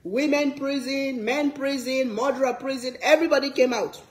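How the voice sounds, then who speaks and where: A woman's voice: sits high, steady tone, moderate pace, reverberant. A woman from Sierra Leone with a Sierra Leonean accent, talking to her viewers in a casual vlog, earnest and emphatic, repeating her words for stress. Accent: Sierra Leonean English. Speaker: cooking vlogger.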